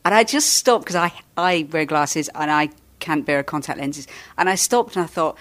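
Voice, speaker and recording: With a deep yet fairly bright voice and lively intonation, this woman hosts a casual podcast interview, eager and talkative and quick to break into laughter.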